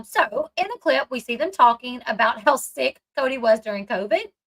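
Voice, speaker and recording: A woman's voice: high voice, bright, forceful tone, low-quality recording. A woman hosting a casual commentary recap, retelling scenes chattily and acting out what people said. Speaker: commentary channel host.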